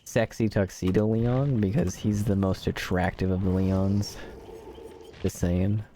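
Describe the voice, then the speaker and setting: A slightly hoarse man streaming a game, chatting casually and joking at his own expense to viewers. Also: lowish voice, steady tone, a little slow, dark tone, slight background noise. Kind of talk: casual gameplay commentary.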